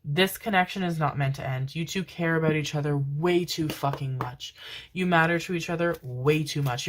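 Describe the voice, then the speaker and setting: A woman's voice: low voice, a little hiss or hum. A woman giving a pick-a-card tarot reading, affectionate and rambling, with casual swearing. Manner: affectionate, calls listeners "my loves", casual swearing; rambling, many fillers and restarts. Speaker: tarot reader.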